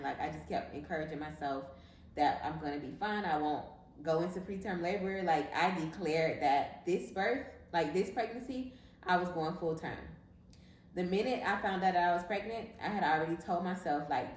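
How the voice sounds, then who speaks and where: Young woman, low voice, chatty storyteller, roomy echo, a bit far from the mic. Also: moderate pace, slight background noise. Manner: chatty, filler-heavy with frequent "like". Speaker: vlogger. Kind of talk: casual storytelling. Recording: roomy echo from some distance.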